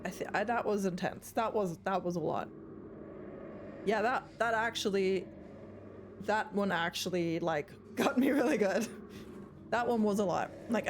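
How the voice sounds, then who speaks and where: A woman's voice: mid-range voice, noisy background. A young woman streaming a horror game live, rambling, swearing and screaming in fright, with a throat sore from screaming.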